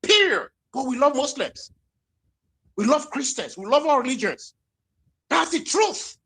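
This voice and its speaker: A man's voice: very high voice, lively intonation, a little slow, creaky, a bit bright, breathy edge. A man with a Nigerian accent, speaking heatedly and repeating points in a live social media audio chat. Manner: heated, emphatic, repeats himself.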